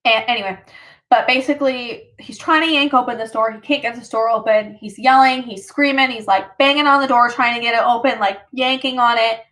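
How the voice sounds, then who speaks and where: A woman's voice: fairly high pitch, fairly even intonation, fairly quick, a bit bright. A woman vlogger casually telling a personal story, rambling with lots of fillers.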